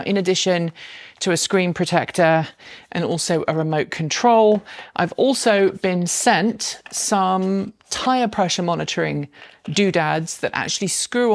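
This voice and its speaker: Woman vlogging at home, lower voice, chatty with asides, dry close sound. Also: vocal fry, no room sound. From United States. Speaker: channel host. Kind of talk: casual vlog with sponsored segment. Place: home dining room.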